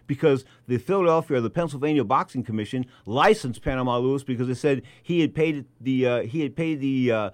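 A man's voice: mid-range voice, a little fast, few pauses, no room sound. A male talk show host in full storytelling mode, repeating his points and building to angry peaks. His voice sits in a middle register. The sound is dry and close with no room around it. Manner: emphatic, repeats phrases, storytelling with bursts of anger. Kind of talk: animated radio talk show monologue.

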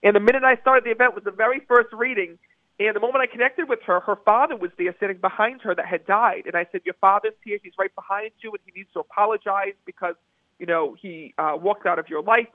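This high-voiced man talks quickly with no echo around him. He's a medium on a phone-in interview, and through the tinny line he eagerly spins stories and repeats words to stress them.

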